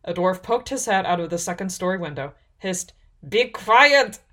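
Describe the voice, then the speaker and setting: A woman narrating a fantasy story in a measured reading voice. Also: fairly low pitch.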